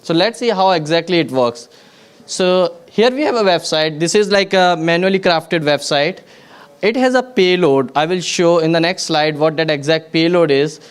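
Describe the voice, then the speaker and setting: A man's voice: on the high side, moderate pace, smooth. A man presenting at a tech conference, explaining step by step with frequent restarts and repeated words. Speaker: conference speaker. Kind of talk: technical conference talk. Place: conference venue.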